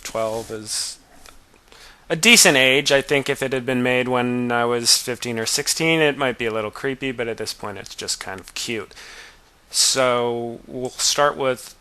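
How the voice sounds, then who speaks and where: A man's voice: medium pitch, bright, forceful tone. A man in his forties giving a wry, self-deprecating director's commentary on his own childhood film. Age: 40s.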